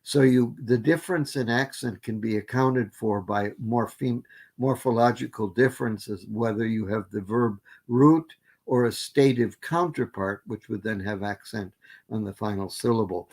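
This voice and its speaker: An older man lecturing in a low voice, going methodically through lists of word forms. He pauses often on fillers and restarts, like a scholar thinking aloud at a conference. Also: a little mellow. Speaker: linguistics lecturer. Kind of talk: academic plenary lecture.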